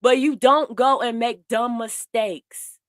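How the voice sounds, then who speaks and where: A woman's voice: on the high side, steady tone, slow, no room sound, clean studio sound. A woman doing heated commentary, blunt and profane, speaking straight to her viewers in a way. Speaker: commentary host. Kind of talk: casual commentary.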